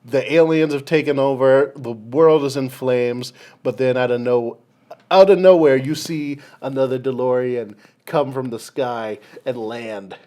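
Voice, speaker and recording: A man co-hosting a comedy podcast, rambling as he pitches a movie plot and acts out its lines. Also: dark tone. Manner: rambling, acts out lines in quick put-on voices. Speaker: podcast co-host. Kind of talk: casual comedy chat.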